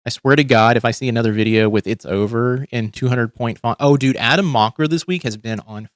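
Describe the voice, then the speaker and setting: A man's voice: medium pitch, brisk, no echo, clean studio sound. A man hosting a livestream, ranting in casual commentary with heavy swearing and frequent restarts. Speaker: livestream host.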